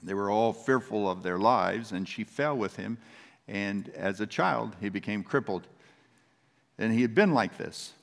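A man's voice: lowish voice, measured pace, creaky, in a large hall. A man, a pastor, preaching a sermon in a conversational, storytelling manner.

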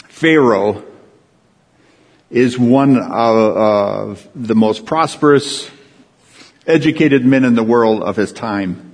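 A man's voice: medium pitch, slightly rough, big-room sound. A man, a pastor preaching a sermon in a folksy storytelling way, with emphatic rises.

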